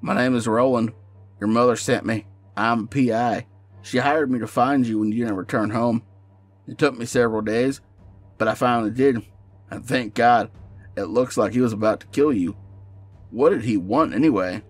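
A man voicing a calm, kindly male private investigator in a plain reassuring voice. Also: mid-range voice, normal speed, no room sound, soft background music, natural voice.

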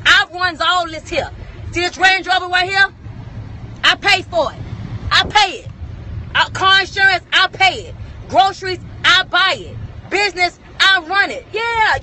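An emphatic woman preaches in a car, hammering the same lines over and over. Her voice sits very high and sounds bright and forceful. Faint car and street noise hangs behind her. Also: moderate pace. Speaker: vlogger. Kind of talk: motivational rant in a car.

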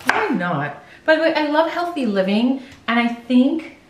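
A woman's voice: high-pitched, sing-song, measured pace, background noise. Chatty woman vlogger in an echoey kitchen. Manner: chatty and playful, talks straight to viewers. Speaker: dentist and cooking vlogger. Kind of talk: casual cook-along vlog. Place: home kitchen. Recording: roomy, from a distance.

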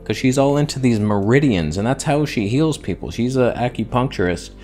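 A man's voice: medium pitch, expressive, fairly quick, a little mellow, faint music behind. Man in back pain, rambling and self-mocking. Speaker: vlogger. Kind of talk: casual vlog monologue.

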